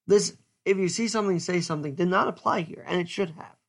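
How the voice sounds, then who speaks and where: A man giving an earnest, stern solo commentary as a podcast host, speaking deliberately with pauses. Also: sits high, a bit bright.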